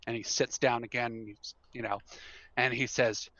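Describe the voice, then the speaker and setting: A man running a tabletop game, narrating in a rambling way with lots of fillers. His voice is bright and forward. The room sounds dead dry, and the audio is dull and lo-fi. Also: medium pitch, little pitch movement, normal speed, dry recording. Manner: rambling, with many fillers and frequent laughter. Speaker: game master.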